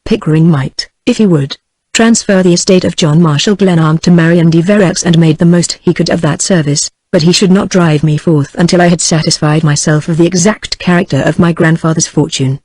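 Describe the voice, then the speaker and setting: A text-to-speech woman's voice with a British English accent, reading a novel aloud in an even, steady narration. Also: lowish voice, a little fast, breathy edge, no echo.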